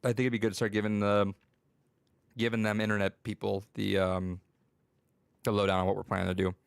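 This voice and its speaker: A man's voice: lowish voice, flat delivery, a little fast, creaky, smooth, no room sound. A man hosting a casual podcast, telling rambling classroom stories as a teacher, laughing often and using many fillers. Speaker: podcast host and school teacher.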